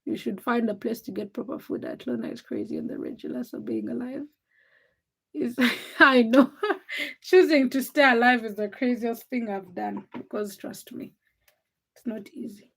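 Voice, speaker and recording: Young woman, livestream host, tired, teasing, chatty, slightly high voice. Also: normal speed, gravelly, slightly rough. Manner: chatty, teasing, answers viewers by name. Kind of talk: late-night livestream chat reading comments.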